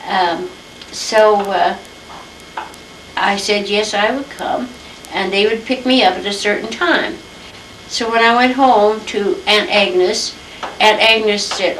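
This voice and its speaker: An older woman from Iowa tells a family history story in an unhurried, chatty way. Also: mid-range voice, fairly bright tone. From Iowa, USA. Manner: unhurried, chatty, acts out old conversations. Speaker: interviewee telling family history. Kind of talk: reminiscing storytelling. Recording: roomy home recording, distant mic, faint hiss.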